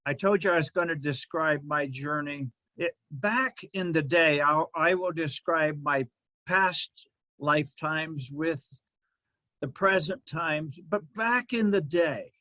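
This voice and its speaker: A man with a fairly high voice preaches in a slow, deliberate rhythm. He lets his phrases settle with pauses between them. His voice is close and dry, with no room sound. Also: pushed and bright, no echo. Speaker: minister. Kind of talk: sermon.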